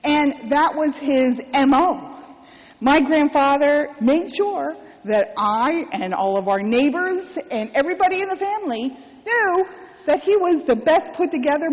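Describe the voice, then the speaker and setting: A woman priest preaching with a high, light voice, spinning a personal story with wry humor and acting out the quotes. She is heard in a church with a long echo, and the sound is dull and lo-fi. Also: measured pace. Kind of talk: sermon.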